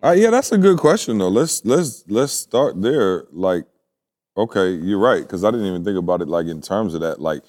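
A man with a very low voice co-hosts a casual podcast chat. He thinks out loud and answers with reflective questions. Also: big pitch swings, normal speed. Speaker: podcast co-host.

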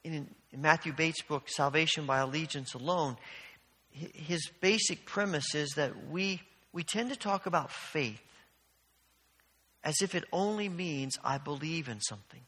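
A man's voice: a little high, unhurried, sharp tone, slightly rough, long reverb tail. A man preaching a sermon as pastor, earnest and storytelling, often restarting his phrases.

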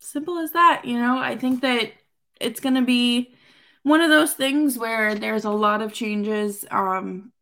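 A woman hosting a casual late-night hockey podcast, expressive and wry, exasperated with her team. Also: a little high, unhurried. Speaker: podcast host.

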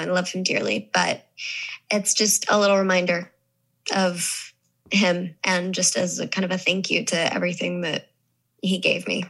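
A woman's voice: on the low side, fairly bright tone, poor audio. A young adult woman from the American South, chatting thoughtfully as an actress interviewee, with many restarts and fillers. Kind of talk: casual interview chat.

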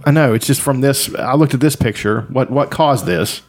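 A man chatting casually on a podcast, blunt and quick to swear. He tells stories with animated emphasis in a voice of middling pitch. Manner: blunt, profane, animated storytelling. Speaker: podcast co-host. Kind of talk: casual chat.

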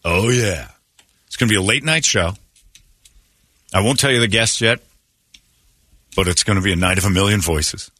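A man's voice: on the low side, moderate pace, pauses often, pushed and bright, dry recording, studio quality. A man hosting a morning radio show, rambling through announcements and teasing his co-host. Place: radio studio.

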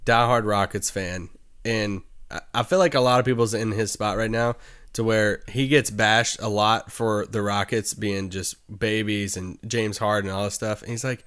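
A man's voice: lowish voice, steady tone, normal speed, a bit bright, smooth. Joking, sarcastic male podcast co-host. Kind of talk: casual sports podcast chat.

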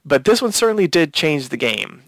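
A man's voice: on the high side, very animated, normal speed, dry recording. A man co-hosting a casual podcast, recapping a TV episode scene by scene and retelling the dialogue with quotes. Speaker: podcast co-host.

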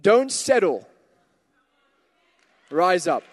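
A man with a fairly high voice delivers a sermon in a church. He tells a personal anecdote in a chatty way, then pushes into forceful calls to his listeners. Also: sing-song, extremely slow, husky, long reverb tail, some chatter behind. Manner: storytelling, builds to emphatic exhortations. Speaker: pastor.

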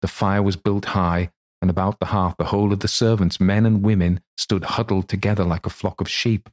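A deep-voiced man narrates a classic tale for a podcast. His reading is measured and even, with a low voice.

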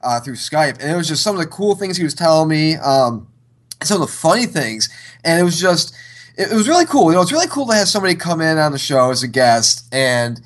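A man hosting a podcast in a relaxed, talkative chat. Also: a little high, brisk. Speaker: podcast host. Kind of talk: casual chat.

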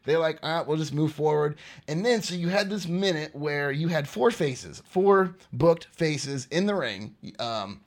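A man's voice: on the high side, expressive, unhurried, hardly any pauses. A man hosting a podcast, giving a casual, rambling wrestling recap and repeating points for emphasis. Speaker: podcast host.

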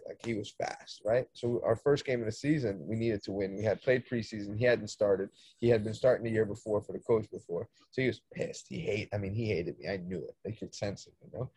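A man, a soccer coach, telling a story in casual chat, animated, swearing freely and acting out the dialogue. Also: lowish voice, brisk, slightly rough, no echo. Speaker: soccer coach, podcast guest.

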